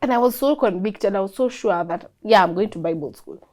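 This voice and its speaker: Young woman, animated storyteller, mid-pitched voice. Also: fairly quick. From Kenya. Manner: animated storyteller, acts out quoted dialogue. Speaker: interview guest. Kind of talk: storytelling in an interview.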